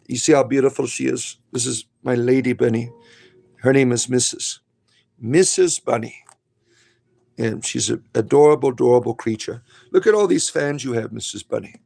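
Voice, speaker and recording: Gravelly-voiced man rambling on a stream. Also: mid-range voice, a little mellow. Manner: rambling, blunt and jokey, coos at his pets. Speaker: spiritual comedy streamer. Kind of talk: casual livestream chat.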